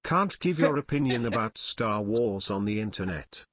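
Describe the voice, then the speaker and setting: A male co-host reads stream donations and their messages aloud. His delivery is plain and matter-of-fact, though his pitch moves about lively. The sound is close and dry. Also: moderate pace, no echo. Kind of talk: reading chat donations aloud.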